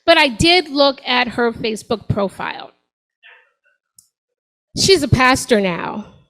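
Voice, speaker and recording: A woman's voice: a little high, lively intonation, takes it slowly, fairly bright tone, low-quality recording. A woman in her forties doing a stand-up set on a comedy club stage, talking to the crowd in a sassy, conversational way. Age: 40s.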